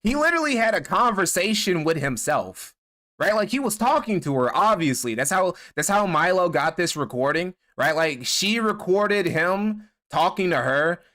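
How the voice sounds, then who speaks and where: A man's voice: high-pitched, lively intonation, moderate pace, sharp tone. Crude, mocking male stream commentator. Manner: crude, mocking, gossipy, laughs at his own jokes. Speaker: livestream commentator.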